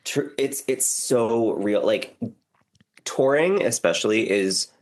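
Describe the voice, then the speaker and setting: Hoarse young American man, low voice. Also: slow pace. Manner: animated, chatty. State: hoarse from a cough. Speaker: podcast co-host. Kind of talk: casual chat.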